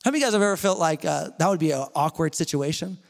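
A young adult man preaching a sermon as pastor, telling the story in a casual, animated way with slang. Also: a little high, rapid-fire, creaky. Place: church. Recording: long reverb of a church hall.

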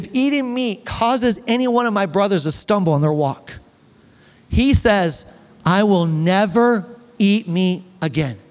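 A man preaching a sermon as pastor, animated and reading scripture aloud to his congregation. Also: high-pitched, big-room sound. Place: church hall.

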